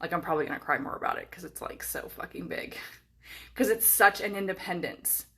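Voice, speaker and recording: A woman in her thirties chatting on a live stream from a hotel room, excitable and swearing freely, with lots of fillers. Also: fairly low pitch, fairly quick. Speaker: vlogger. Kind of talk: casual live-stream chat.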